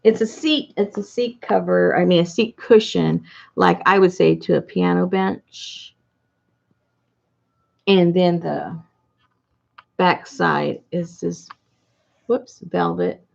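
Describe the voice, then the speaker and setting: A woman's voice: lowish voice, slow, gravelly, long pauses, darkish tone, lo-fi sound. A woman hosting a casual live video chat, talking with viewers in a rambling, chatty way with frequent laughs.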